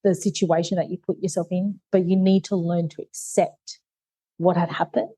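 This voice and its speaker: Woman, podcast guest, mellow warm tone, dry close sound, earnest personal storytelling. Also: fairly low pitch, level tone, normal speed, dry recording, low-quality recording. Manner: open, earnest storytelling that acts out remembered dialogue. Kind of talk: candid life story in conversation.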